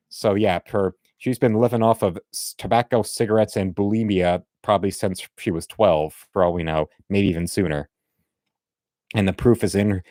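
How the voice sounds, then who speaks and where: A man with a somewhat low voice talks through artwork in a loose, meandering way. He is blunt and opinionated, and often restarts his sentences. The recording is close and dry. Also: warm tone, no echo. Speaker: art commentator. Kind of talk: casual commentary over artwork.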